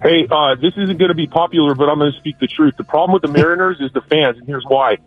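A man's voice: on the high side, fast talker, no room sound, faint music behind. Man, indignant caller, fired-up rant, tinny phone line, dry sound. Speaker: radio caller. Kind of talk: angry call-in rant.

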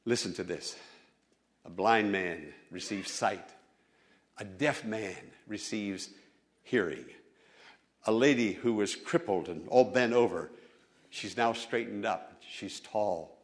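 A man preaching a sermon as pastor, fervent, moving between hushed storytelling and loud exhortation. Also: lowish voice, takes it slowly, long pauses.

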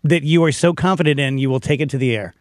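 A man's voice: on the high side, no room sound, clean studio sound. A male radio host bantering playfully and joking with his guests. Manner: playful, jokey, quick to laugh.

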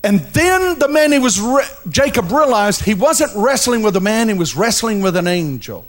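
A man's voice: high-pitched, sing-song, normal speed. A male pastor preaching a sermon, telling a story dramatically and addressing the congregation directly.

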